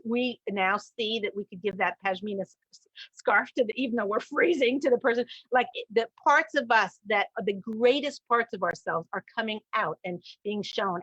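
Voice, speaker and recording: A woman hosting a relationship advice talk show, speaking in an animated way with sudden jumps in pitch when she acts out quoted voices. Her voice sits in a mid range. The sound is dry and a little dull. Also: no room sound.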